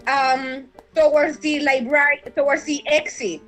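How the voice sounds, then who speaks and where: A woman playing a tabletop role-playing game, her voice pitched high. She argues earnestly and persuasively, often repeating words as she goes. Faint music sits in the background. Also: steady tone, a little slow, a bit bright, low-quality recording. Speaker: player.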